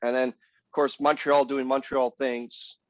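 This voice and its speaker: Man, mid-pitched, blunt sarcastic co-host, dull dry lo-fi sound. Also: level tone, unhurried, no room sound. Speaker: podcast co-host. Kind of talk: casual sports chat.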